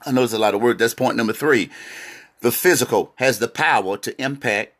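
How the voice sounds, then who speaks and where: A man's voice: medium pitch, brisk, fairly bright tone, husky. A man preaching a sermon as pastor, talking straight to the audience with teasing asides.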